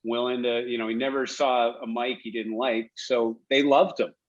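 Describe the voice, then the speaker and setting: A man's voice: mid-range voice, normal speed, dull audio. A middle-aged man, a former hockey player, telling stories casually in an interview and acting out the quotes. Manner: animated storyteller, acts out quotes, laughs.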